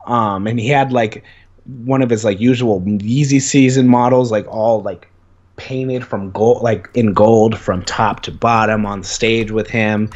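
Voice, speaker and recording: A young adult man, appearing as an interview guest, eagerly tells stories in casual conversation, rambling and saying "like" a lot. His voice is medium-pitched, and the highs in the audio are cut off.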